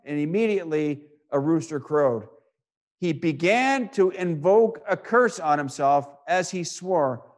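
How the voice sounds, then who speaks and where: Preaching man with swinging loudness. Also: fairly high pitch, expressive, unhurried. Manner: rhetorical questions and repeated phrases, swinging between loud and hushed. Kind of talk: sermon, reading and expounding scripture.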